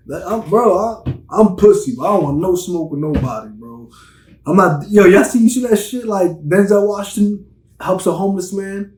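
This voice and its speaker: Animated, profane young man in echoey room. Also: high-pitched, normal speed. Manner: animated, profane, acts out stories in voices. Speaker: podcast host. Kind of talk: casual chat.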